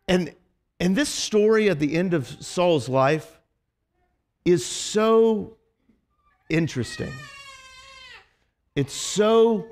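A male pastor preaching a casual, conversational sermon in a church, rambling with restarts. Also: on the high side.

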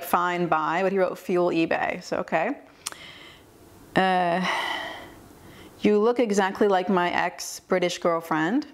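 A young American woman talks casually to her viewers, reading out strange messages with a dry, amused tone. Her voice sits a bit low for a woman, and her delivery is chatty and loose, full of little fillers. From United States. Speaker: YouTuber and English teacher.

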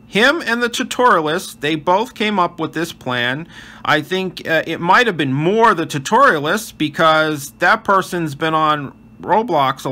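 A man's voice: fairly high pitch, sharp tone. A male channel host giving earnest voice-over commentary on gameplay and reading chat aloud. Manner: wishes viewers a blessed day.

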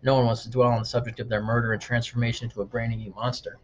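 A man narrating an audiobook in the first person, quick, even and matter-of-fact. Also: mid-range voice. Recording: dull lo-fi recording with faint noise.

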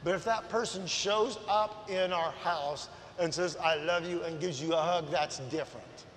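High-voiced preacher in an echoey hall. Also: male voice, moderate pace, a little hiss or hum. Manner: impassioned, swings from soft to shouting. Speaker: guest preacher. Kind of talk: sermon. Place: large church sanctuary.

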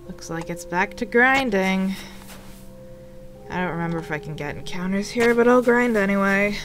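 A woman's voice: medium pitch, animated. A woman giving casual commentary while playing a video game, wry and talking to herself. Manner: unhurried, wry, talks to herself. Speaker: let's player. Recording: game music behind.

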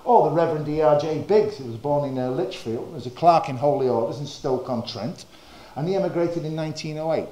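A man from northern England giving a history lecture, measured and full of small fillers. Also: a little high, dark tone, reverberant. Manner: measured, with frequent uh fillers and quoted passages. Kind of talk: lecture presentation.

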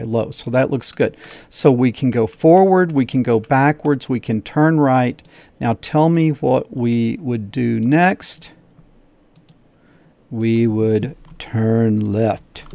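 A man's voice: medium pitch, vocal fry, mellow, no echo. A middle-aged man teaching a coding lesson while he shares his screen, thinking aloud, repeating steps and checking his own work.

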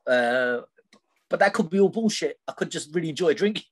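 A middle-aged man guests on a podcast, telling a personal story candidly and loosely, rambling and often checking in with "right?" at the end of sentences. His voice sits on the high side, animated and fairly quick, with no echo.

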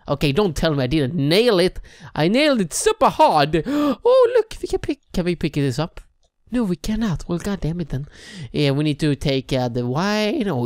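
A woman giving gameplay commentary, excitable, shrieking and swearing often. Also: fairly low pitch. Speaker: let's play gamer.

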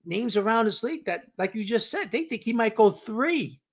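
A man's voice: high voice, expressive, moderate pace. A man co-hosting a casual sports talk show, emphatic and repetitive, acting out the reactions of others. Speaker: podcast co-host.

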